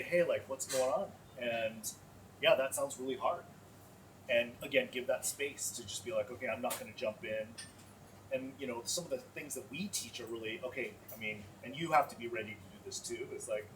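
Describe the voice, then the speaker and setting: Earnest man on a distant mic. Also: mid-range voice. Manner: earnest, conversational, many "like"s. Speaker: panelist. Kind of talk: panel discussion. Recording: far-off mic with faint noise.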